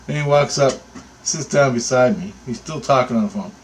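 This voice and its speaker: A man's voice: medium pitch, normal speed, a little hiss or hum, poor audio. Profane, heated man ranting. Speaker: bird photographer. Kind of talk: angry ranting anecdote.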